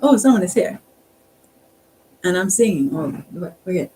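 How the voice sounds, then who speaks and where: A yoga and mantra teacher speaking softly, who often hesitates, corrects themselves and laughs quietly while trying out chants. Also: mid-range voice, animated, normal speed, long pauses, soft background music. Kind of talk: soft-spoken spiritual instruction. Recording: distant mic with faint ambient hiss.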